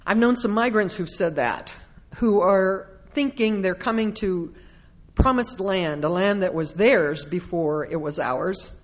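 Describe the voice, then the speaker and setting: A middle-aged woman preaching a conversational sermon, slipping into acted-out quotes of complaining voices. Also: mid-range voice.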